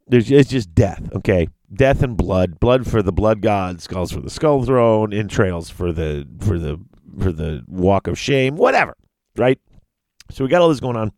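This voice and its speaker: A man casually retelling a fantasy battle story, excitable and rambling. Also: no echo. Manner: excitable, rambling, big pitch swings. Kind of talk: casual chat.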